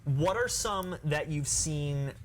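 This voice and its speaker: Male host, slightly high voice, relaxed and opinionated, faint noise behind. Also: takes it slowly. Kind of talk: casual interview chat.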